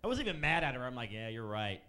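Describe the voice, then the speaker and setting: A man's voice: mid-range voice, very animated, fast, pushed and bright. Stand-up comic, male, 30s, sardonic and profane, mid-range voice. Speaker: stand-up comedian. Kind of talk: stand-up set. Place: comedy club stage.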